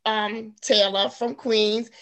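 A woman in her forties, an author guest telling her story in casual interview chat, animated and quick to laugh. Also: medium pitch. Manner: animated storyteller, laughs often, acts out quotes.

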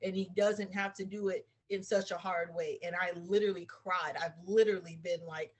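Husky-voiced woman, earnest faith talk. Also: lowish voice, moderate pace, few pauses. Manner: emotional, earnest, animated storytelling. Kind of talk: heartfelt casual faith talk.

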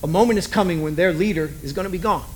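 Animated preaching man. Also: high voice, rapid-fire, slight background noise, rough recording. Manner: animated preaching with acted-out asides. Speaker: pastor. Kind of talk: sermon.

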